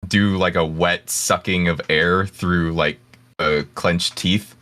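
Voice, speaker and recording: Bright-toned man, low voice, rambling. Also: fairly even intonation, slow. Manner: rambling, self-correcting explanations. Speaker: voice actor panelist. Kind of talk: casual panel chat.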